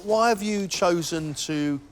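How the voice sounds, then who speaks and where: A man's voice: sits high, takes it slowly, a little hiss or hum. A man hosting a cooking competition, teasing the cooks and calling out time warnings. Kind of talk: energetic studio hosting. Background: background music.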